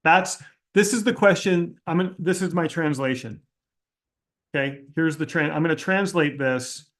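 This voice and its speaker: A man's voice: a little high, moderate pace, a bit bright. A man hosting a casual Q&A, talking bluntly and skeptically, thinking aloud with frequent restarts. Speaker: host answering audience questions. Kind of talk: casual Q&A livestream talk.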